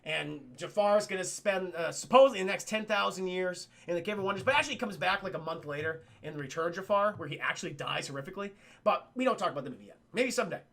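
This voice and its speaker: A man streaming a casual film recap to his live chat, excitable and profane, calling out to the chat often. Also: high voice, fast talker, vocal fry.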